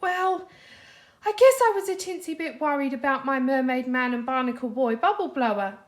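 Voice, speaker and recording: A woman voicing an excitable male cartoon sea sponge in a storybook reading, high and eager. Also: normal speed.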